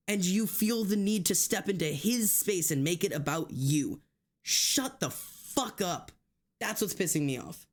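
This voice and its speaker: A man streaming live who swears heavily, rants hotly and then laughs it off, talking straight to his chat with many restarts. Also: high voice. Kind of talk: casual livestream chat.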